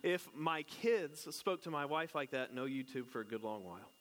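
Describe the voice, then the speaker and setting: Speaking in a mid-range voice with lively intonation at normal speed, a pastor who has a wife and kids gives a casual, talkative sermon. He jokes and keeps quizzing his audience.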